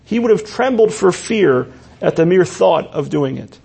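A man's voice: sits high, lively intonation, moderate pace, gravelly, darkish tone, breathy edge. A man preaching an expository sermon as a pastor, earnest and explanatory, often restarting his phrases.

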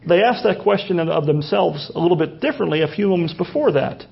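A man's voice: high voice, expressive, quick pace, gravelly, few pauses, highs cut off. A male pastor preaching a conversational sermon with folksy asides and frequent restarts.

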